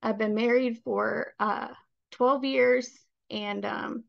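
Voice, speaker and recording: A woman's voice: a little high, steady tone, takes it slowly, gravelly, no room sound, muffled recording. A woman in her thirties sharing her personal story as a guest on a call, candid and heartfelt, with plenty of fillers. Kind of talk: personal testimony.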